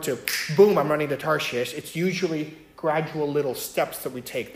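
A man giving a casual Bible teaching, talking conversationally and often checking in with his listeners. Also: medium pitch. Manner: conversational, many fillers and "right?" checks. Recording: echoey room.

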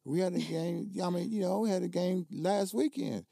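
A man's voice: high-pitched, moderate pace, gravelly, warm tone, no echo, studio quality. An older man, a basketball coach telling stories as a guest in casual, emphatic, colloquial talk. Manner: colloquial, emphatic, repeats words when worked up. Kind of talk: casual conversational storytelling.

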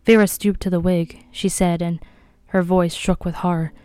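Smooth-voiced woman reading a mystery aloud. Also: lowish voice, dry recording, faint music behind. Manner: measured, even narration. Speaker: audiobook reader.

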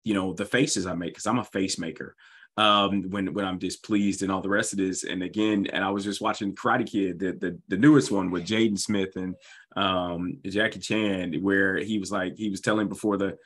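A man's voice: low-pitched, steady tone, normal speed, a bit bright, slightly rough. A man hosting a casual conversation, an enthusiastic storyteller who drifts into rambling asides.

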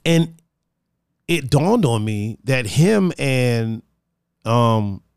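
Drawing out his words in a smooth, medium-pitched voice, a podcast host tells lively stories in casual conversation, swearing freely. The recording is clean studio sound with no room noise.

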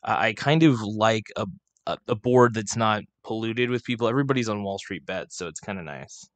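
Male streamer host, low voice, rambling and profane, dry desk mic. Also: fairly quick, no room sound. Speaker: livestream host. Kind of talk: casual livestream rant. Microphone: desk microphone, not clipped on.

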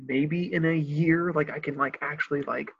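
A man's voice: normal speed, vocal fry, a little hiss or hum. A young man from Illinois chatting casually and animatedly, telling a story with lots of laughs. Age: young adult. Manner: animated, laughs often, breaks into high excited voices. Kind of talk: casual chat. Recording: dry, slightly dull lo-fi sound.

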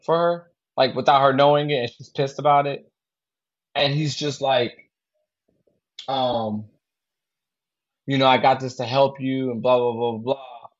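A man co-hosting a podcast chats loosely about a movie, rambling and restarting his sentences. His voice sits at a middling pitch, and the recording sounds a little dull and lo-fi. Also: fairly even intonation, measured pace, long pauses. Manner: rambling, lots of fillers and restarts. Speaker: podcast co-host. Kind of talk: casual movie discussion.

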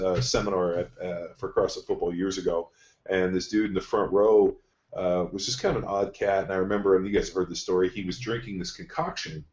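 Blunt, profane man with a deep voice. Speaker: podcast host, strength coach. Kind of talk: casual podcast talk. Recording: dull, roomy studio sound.

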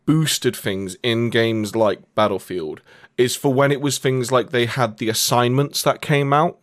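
A man's voice: mid-range voice, a little slow, dry recording, clean studio sound. A man in casual gaming chat, swearing freely and telling stories with energy. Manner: swears often, animated storytelling.

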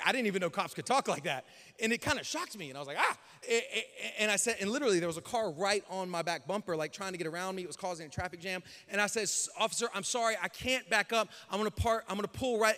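Guy pastor telling a wild story from the pulpit, high bright voice, big hall echo. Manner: animated, acts out dialogue with shouts. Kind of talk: storytelling sermon. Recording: long hall reverb.

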